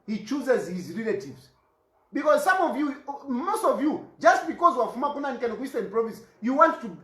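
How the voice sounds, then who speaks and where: A man's voice: very high-pitched, a bit bright, reverberant. A Zambian man delivering an impassioned political rant, indignant and fond of repeated rhetorical questions. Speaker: political commentator.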